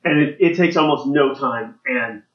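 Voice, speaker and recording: A man narrating a tabletop game as game master, describing scenes haltingly with many restarts. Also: mid-range voice. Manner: hesitant, lots of "like" and restarts while describing. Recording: roomy, dull lo-fi recording.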